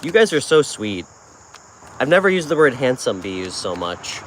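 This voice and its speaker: Amid a noisy background, a New York man chats with his audience on a casual live tarot stream, warmly replying to their comments. He has a mid-range voice with big pitch swings and a moderate pace.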